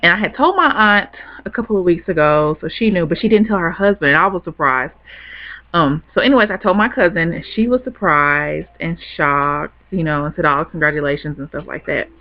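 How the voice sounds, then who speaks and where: A woman's voice: on the low side, brisk. Chatty young woman, lo-fi webcam sound. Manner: chatty, rambling, laughs easily. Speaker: vlogger. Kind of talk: casual storytelling to camera. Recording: dull lo-fi webcam audio.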